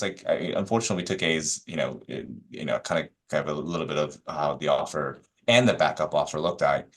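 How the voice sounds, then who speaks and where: Animated deep-voiced man telling stories. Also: creaky. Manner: animated, acts out quoted agents with rising pitch; many fillers, quick asides. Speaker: real estate broker, guest. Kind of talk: casual podcast storytelling.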